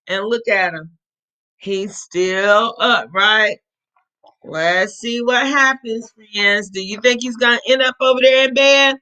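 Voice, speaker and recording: A woman reading a children's storybook aloud, animated and often asking her young listeners questions. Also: on the high side, slow, rough recording.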